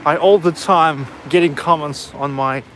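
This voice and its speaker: A man with a heavy Russian accent, native Russian speaker, hosting a vlog in blunt, halting English outdoors in a city. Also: a little high, a bit bright, a little hiss or hum. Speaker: vlogger host. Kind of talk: casual chat.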